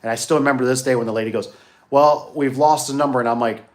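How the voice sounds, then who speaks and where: A man's voice: mid-range voice, steady tone, fast talker. A man who runs a garage door business, talking to his viewers in a rambling, folksy way and repeating himself as he tells stories. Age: adult, grew up locally. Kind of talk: casual rambling monologue to viewers.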